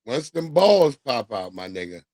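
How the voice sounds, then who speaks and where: A man's voice: medium pitch, sing-song, a little slow, a little mellow, dry recording. Loose-talking, profane man streaming. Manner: loose, profane street talk with slang. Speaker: livestream host. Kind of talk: casual livestream talk.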